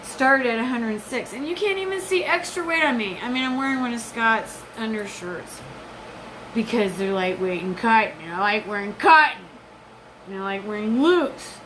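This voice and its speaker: A woman's voice: on the high side, lively intonation, moderate pace, a bit bright, slight background noise, rough recording. A woman in her forties giving an intense, rambling, profane personal monologue. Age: 40s. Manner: intense, rambling, profane, jumps between topics.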